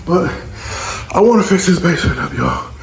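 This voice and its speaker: Middle-aged dad vlogger, a bit high-pitched, loose rambling chat, echoey basement, noisy phone audio. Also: male voice, unhurried. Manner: loose, rambling, chatty, addresses viewers directly. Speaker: family vlogger and father. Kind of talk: casual vlog chat to camera. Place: small dusty home basement. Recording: echoey basement with loud background noise.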